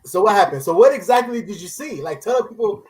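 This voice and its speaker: A man's voice: high-pitched, animated, fairly quick. A man hosting a casual car podcast, eagerly setting up questions and tripping over repeated words. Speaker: podcast host. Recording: noisy recording.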